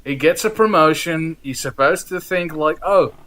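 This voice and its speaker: A man's voice: a little high, normal speed, pushed and bright. A man co-hosting a casual podcast over a video call, joking and telling stories. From Netherlands. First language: Dutch. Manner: joking, storytelling. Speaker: podcast co-host. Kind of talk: casual chat.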